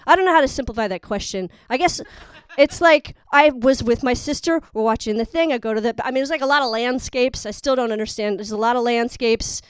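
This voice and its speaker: A young woman doing a stand-up set, her voice high and smooth, recorded close and dry. She rambles and mocks herself in an exasperated way. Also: a little fast, few pauses, no room sound. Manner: rambling, exasperated, self-mocking. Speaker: stand-up comic. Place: live studio audience.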